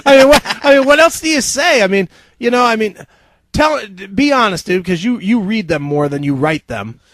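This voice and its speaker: A man's voice: sits high, lively intonation, normal speed, fairly bright tone, no echo. A man hosting a metal radio show, chatting bluntly with plenty of swearing and laughter. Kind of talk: casual profane radio banter.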